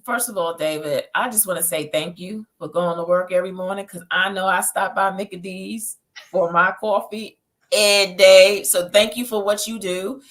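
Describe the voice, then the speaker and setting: A woman's voice: mid-range voice, fairly even intonation, moderate pace, fairly bright tone, low-quality recording. A woman therapist on a panel, speaking directly and emphatically. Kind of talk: panel discussion.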